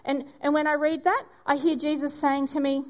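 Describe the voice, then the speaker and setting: A woman giving a sermon, telling a story and acting out its voices with dramatic pauses. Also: high voice, little pitch movement, darkish tone. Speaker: preacher.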